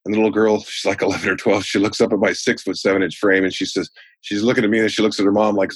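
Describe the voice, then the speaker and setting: Older guy with a low husky voice, animated storyteller, dry close sound, sales trainer on a podcast. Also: quick pace, no room sound. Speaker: guest, sales trainer and speaker.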